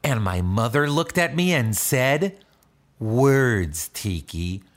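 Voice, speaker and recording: A man voicing a cheerful, kind talking backpack in a children's audio drama, chuckling and swooping in pitch. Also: very animated, slow pace. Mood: earnest. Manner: rhyming, bouncy, chuckling, sudden swoops in pitch.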